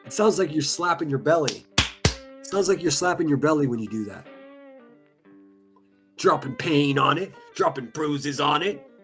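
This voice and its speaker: A man with a fairly high voice riffs through online comments in casual, swear-laden commentary. He mocks and needles his targets with biting sarcasm. Soft guitar music plays faintly underneath. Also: expressive, a little slow, pauses often. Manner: profane, sarcastic and mocking.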